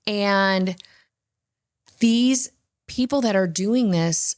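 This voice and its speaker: A woman's voice: medium pitch, very slow. A woman co-hosting a faith podcast, telling personal stories in an earnest, emphatic way. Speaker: podcast co-host. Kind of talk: candid faith talk.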